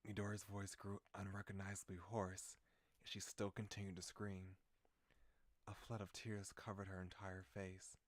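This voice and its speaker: A male streamer reading a dark visual novel aloud in a slow, soft-spoken, dramatic way, with his own commentary. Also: sits low, completely flat delivery, dry recording. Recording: background music under voice.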